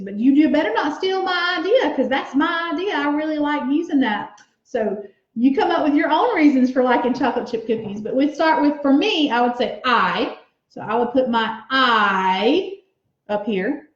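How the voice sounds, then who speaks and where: High-voiced teacher sounding out words. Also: female voice, expressive. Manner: slow, sounds out letters and words aloud; encouraging. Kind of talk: teaching a writing lesson to young children. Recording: echoey room, slightly dull sound.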